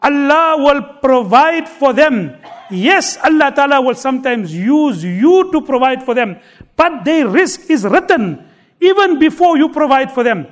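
A man's voice: very high-pitched, very animated, a little slow. A man preaching a sermon, telling a story and reciting scripture with emphatic repetition. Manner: emphatic, recites scripture, repeats key phrases.

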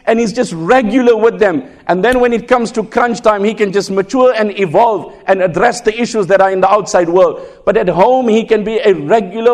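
A man preaching about marriage, telling stories in a lively way, acting out the people in them and reciting Arabic passages quickly. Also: sits high. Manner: animated storyteller, acting out quoted figures, reciting Arabic quickly. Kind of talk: sermon on marriage with storytelling.

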